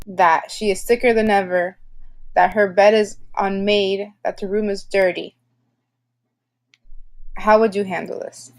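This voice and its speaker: A woman narrating a healthcare training lesson in a calm, measured, explanatory way. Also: mid-range voice. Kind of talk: scripted instructional narration.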